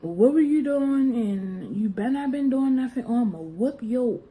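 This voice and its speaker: Woman doing strict middle-aged mother, threatening, raised pitch. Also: animated, moderate pace, mellow, lightly acted. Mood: stern. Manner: firm, threatening, no-nonsense.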